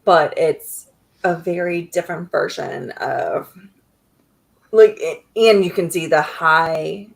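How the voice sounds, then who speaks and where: Slow, gravelly-voiced woman. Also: on the low side, low-quality recording. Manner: emphatic, blunt, laughs easily. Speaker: guest. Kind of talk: casual livestream chat.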